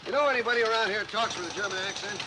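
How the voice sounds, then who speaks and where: Actor as gruff police lieutenant, high-pitched voice, loud street noise behind. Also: male voice, racing, close to an everyday voice. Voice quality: brusque, commanding. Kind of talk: 1950s film acting.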